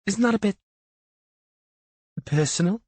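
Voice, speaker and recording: A man's voice: mid-range voice, animated, normal speed, breathy edge, no room sound, voice pushed up. Man doing a concerned young policewoman. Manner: careful, questioning.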